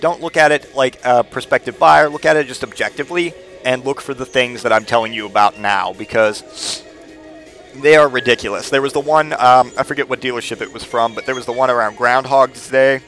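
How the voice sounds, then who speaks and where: Podcast host, man, mid-pitched, rambling rants, faint music under him. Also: normal speed, fairly bright tone. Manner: rambling, fillers and restarts, ranty. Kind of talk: casual comedic monologue.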